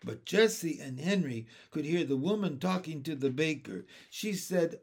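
A man reading a children's chapter book aloud in a gentle storytelling manner. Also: on the high side, expressive, normal speed, gravelly, few pauses, slightly rough. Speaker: narrator. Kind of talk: audiobook narration of a children's book.

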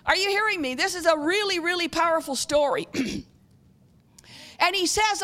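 A woman preaching a sermon as a guest speaker. She keeps asking the audience whether they are with her and often clears her throat. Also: very high voice, moderate pace, pauses often, sharp tone. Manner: engaging, repeatedly checks with the audience.

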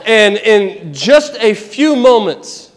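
A man preaching a sermon, retelling a Bible story in an animated, conversational way with asides. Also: high voice, slow pace, long reverb tail.

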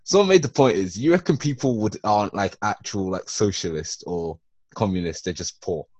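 A young man, co-hosting a podcast in casual, animated, slangy chat. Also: lowish voice, no room sound. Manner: animated, rambling, slangy, quick to laugh. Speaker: podcast co-host.

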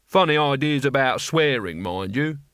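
A man voicing a blunt old barbarian who grumbles flatly. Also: mid-range voice, moderate pace, clear, resonant tone, no echo, studio quality, close to an everyday voice.

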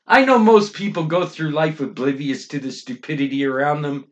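Speaking at a moderate pace in a slightly high voice, a middle-aged Canadian podcast host rages through a monologue. Swearing never lets up, and he keeps punctuating it with emphatic outbursts.

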